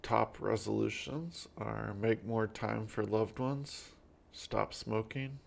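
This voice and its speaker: A tired man co-hosting a casual chat, reading out poll results in a sleepy-sounding, gravelly voice. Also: on the low side, slow.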